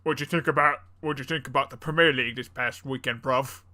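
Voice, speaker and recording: A man's voice: medium pitch, steady tone, a little fast, sharp tone, natural voice. A man putting on a mock British football lad who talks with laddish slang, in a casual podcast. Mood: teasing.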